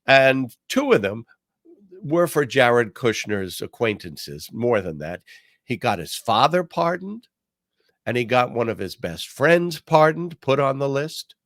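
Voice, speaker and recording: A man's voice: medium pitch, sing-song, a little slow, a bit bright, no room sound, studio quality. An older man hosting a political commentary podcast, talking in a wry, sarcastic way with many fillers. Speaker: podcast host.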